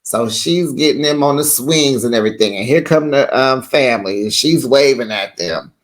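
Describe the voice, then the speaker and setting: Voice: medium pitch, lively intonation, moderate pace. A reality TV recap host giving casual, sassy commentary in a chatty way, acting out quotes.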